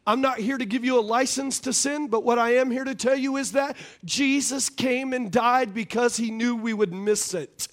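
A man's voice: extremely high pitch, fairly even intonation, normal speed, hardly any pauses. A man preaching as a pastor, joking and laughing often, on a wireless stage mic in a church. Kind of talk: sermon.

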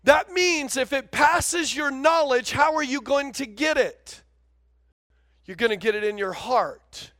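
Male pastor with a very high voice, animated sermon delivery, calls out to the congregation, dry close sound. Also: a little slow, no room sound.

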